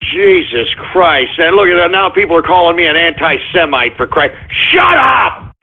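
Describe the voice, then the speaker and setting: Frantic shouting radio host, husky and tinny. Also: male voice, a little high, very animated, moderate pace. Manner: frantic, swearing, repeatedly shouting apologies. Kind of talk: comedic call-in radio rant. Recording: tinny phone-like audio.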